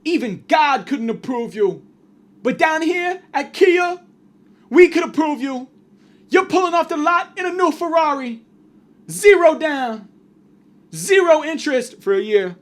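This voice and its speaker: A man voicing a loud, brash male ad pitchman who shouts a hard sell. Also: expressive, a little slow, pauses often. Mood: hyped.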